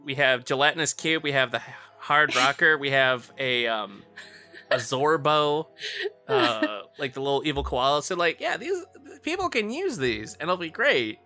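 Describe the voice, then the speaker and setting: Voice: medium pitch, lively intonation, moderate pace, sharp tone, soft background music. A speaker in casual chat about designing a tabletop game class, playful and laughing often. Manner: playful, laughing, riffs into silly voices.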